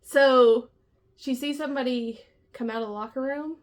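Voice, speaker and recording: A woman's voice: high voice, steady tone, normal speed. A woman co-hosting a casual book chat, laughing often as she retells scenes and acts out the characters' lines. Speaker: book podcast co-host.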